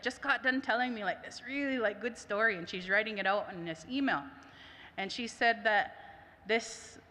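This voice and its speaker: At a summit in a conference hall, a woman language teacher tells a chatty personal story full of quoted dialogue and lots of "I was like." Her medium-pitched voice sounds pushed and bright in the reverberant room.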